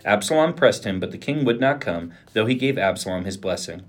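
A man, a pastor, reading a Bible passage aloud on a podcast, steady with small restarts. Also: on the low side, brisk.

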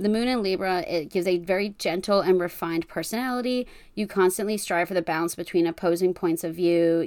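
A woman's voice: on the low side, a little mellow, no echo. A woman in her twenties with a New Jersey accent, co-hosting a podcast and reading astrology charts aloud, laughing often and stumbling over words. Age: 20s. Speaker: podcast co-host.

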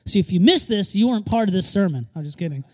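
A high-pitched man preaches a sermon with an emphatic, lively delivery. He drives points home by repeating key phrases and lightens things with quick joking asides. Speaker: pastor.

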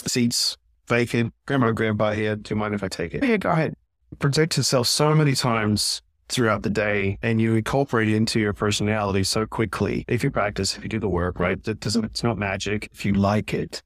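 A man's voice: on the low side, no echo. A man being interviewed as a communication trainer, explaining earnestly and often tagging on "right?". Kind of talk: podcast interview.

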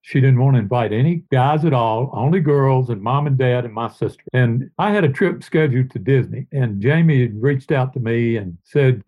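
A man's voice: medium pitch, normal speed, hardly any pauses, highs cut off. Older man telling rambling stories. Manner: rambling, warm anecdotes, sings made-up tunes. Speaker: guest. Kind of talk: casual storytelling interview.

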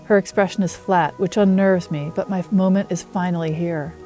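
A woman's voice: fairly low pitch, fairly even intonation, normal speed, warm tone, soft background music. A woman author reading her first-person novel aloud in a wry, self-mocking tone.

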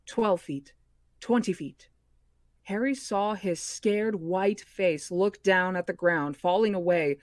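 A woman hosting a book club podcast, reading a novel aloud in a measured, expressive way. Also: mid-range voice, no room sound, studio quality.

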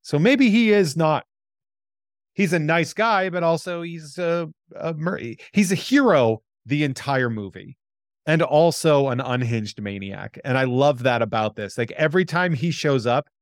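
A man's voice: fairly high pitch, a little slow, dry recording, studio quality. A man co-hosting a podcast, eagerly retelling a film's story and briefly acting out its lines in casual chat. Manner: excitable plot recap, acts out lines. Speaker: podcast co-host.

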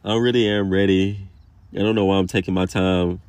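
A man in his late twenties hosting a casual motivational podcast, talking in a relaxed, affirming way and repeating phrases for emphasis. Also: low-pitched, a little fast, no room sound. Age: 20s. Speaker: podcast host.

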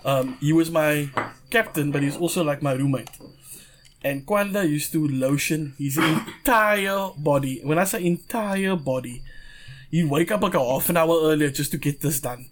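A young man with a South African accent, a podcast guest telling stories in a loose, animated way, laughing often and swearing freely. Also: fairly high pitch, normal speed, slight background noise. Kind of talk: casual storytelling.

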